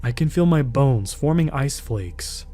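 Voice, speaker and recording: A man's voice: mid-range voice, lively intonation, unhurried, mellow, faint music behind, lightly acted. A man voicing a young friend in a spoken horror story, grumbling about the cold. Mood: uncomfortable. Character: shivering complaining young friend.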